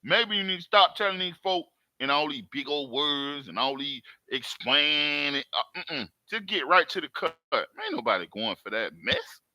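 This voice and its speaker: A man hosts his own live stream from home, talking to his viewers in a high, bright voice. He speaks in emphatic, repetitive street talk, circling back to the same points again and again. The sound is dry and close. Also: expressive, normal speed, no echo. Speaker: host.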